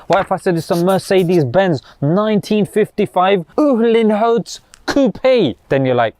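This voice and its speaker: A man's voice: sits high, expressive, measured pace, darkish tone, dry recording. A man hosting a motivational talk, telling stories with slang and rhetorical questions. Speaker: host.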